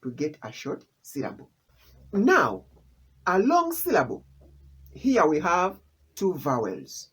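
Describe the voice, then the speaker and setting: A teacher talks through a language lesson at an unhurried, deliberate pace. The voice is husky and rises and falls a lot, and the speaker keeps repeating each key term. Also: mid-range voice. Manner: repeats key terms, explains step by step.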